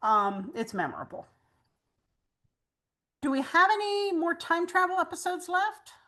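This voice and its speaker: A woman's voice: extremely high pitch, big pitch swings, a little slow, bright, forceful tone. A woman hosting a casual fan chat, explaining plot details at length. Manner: recaps plots at length, explanatory. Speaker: host.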